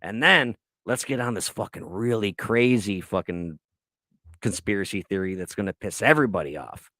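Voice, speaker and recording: A man hosting a podcast in casual chat, rambling excitedly and swearing often. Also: on the low side, normal speed, no room sound. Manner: profane, rambling, excitable storytelling. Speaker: podcast host. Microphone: laptop recording.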